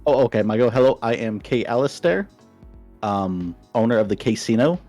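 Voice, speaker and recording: A man's voice: medium pitch, animated, normal speed, warm tone, faint music behind. A man co-hosting a streamed chat podcast, jokey and chatty. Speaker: podcast co-host.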